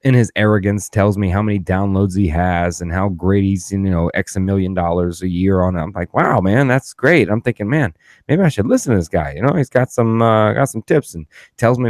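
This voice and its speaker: A man's voice: fairly low pitch, brisk, darkish tone, dry recording, studio quality. A man hosting a podcast, telling stories in a loose, profane, ranting way. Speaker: podcast host. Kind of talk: casual podcast chat.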